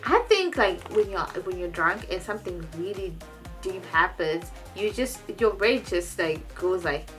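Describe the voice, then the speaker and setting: A young woman casually telling a personal story in a vlog, animated and jumping into high quoted voices, often restarting and repeating words. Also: moderate pace, soft background music. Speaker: vlogger.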